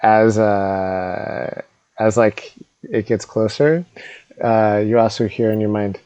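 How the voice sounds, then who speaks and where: A man's voice: lowish voice, steady tone, slow, mellow, clear, resonant tone, no echo. Laid-back man running a tabletop game. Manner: casual, laughing, filler-heavy. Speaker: game master.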